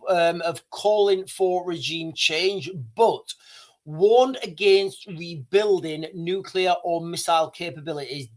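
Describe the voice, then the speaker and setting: A man's voice: on the high side, fairly bright tone. A man hosting a casual live stream, rambling and correcting himself as he talks to viewers, coughing now and then. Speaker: livestream host.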